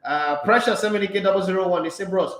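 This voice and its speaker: A Nigerian man hosting a casual sports live stream, reading out viewer comments and answering in a blunt, animated way, slipping into Pidgin. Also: high-pitched, fast talker, echoey room, poor audio.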